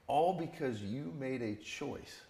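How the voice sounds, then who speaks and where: A man's voice: medium pitch, lively intonation, takes it slowly, mellow. A male podcast host who builds up emphatically to his interview questions. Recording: roomy echo.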